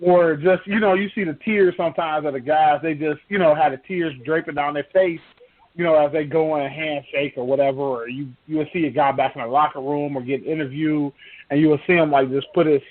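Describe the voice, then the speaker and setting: A man with a notably high voice rambles through casual sports banter, piling up fillers and restarting his sentences. The sound is thin and narrow, like a phone line. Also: fairly even intonation, fairly quick. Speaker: sports talk podcast host. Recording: tinny phone-like podcast audio.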